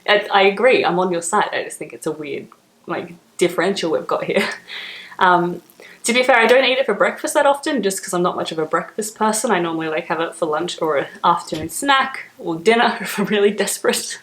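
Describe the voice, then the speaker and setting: A young Australian woman chatting casually to camera as a vlogger, laughing often and filling pauses with "like". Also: fairly low pitch, animated, a bit bright, echoey room.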